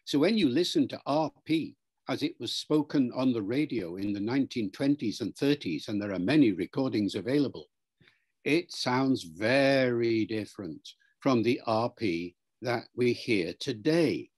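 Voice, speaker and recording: An older man answering an interviewer's questions in a measured, lecturing way, spelling out words and demonstrating pronunciations. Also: mid-range voice, expressive, darkish tone, slightly rough. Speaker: linguist being interviewed.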